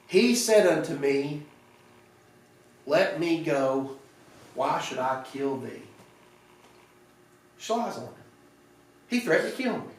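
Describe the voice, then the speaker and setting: Animated preacher in an echoey church. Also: male voice, mid-range voice, recorded from a distance. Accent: Southern American. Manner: animated, retells scripture with voices, frequent restarts. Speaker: pastor. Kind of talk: conversational sermon. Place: church sanctuary.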